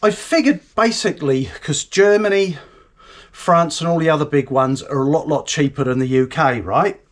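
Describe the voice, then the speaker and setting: A man's voice: on the high side, normal speed. A British man hosting his own news channel from home, ranting bluntly and casually, swearing and rambling as he explains things. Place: home, indoors.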